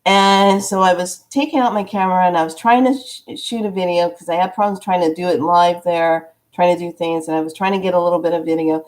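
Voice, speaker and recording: A woman vlogger telling a spiritual story in a casual, animated way, acting out the dialogue as she goes. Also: on the low side, fairly quick, hardly any pauses.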